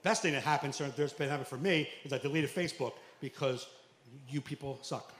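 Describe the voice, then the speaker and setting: Lively stand-up man in echoey club. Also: medium pitch, brisk, slight background noise. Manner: animated, acts out characters with loud outbursts. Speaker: stand-up comedian. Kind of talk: stand-up set. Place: comedy club. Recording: echoey club with faint ambience.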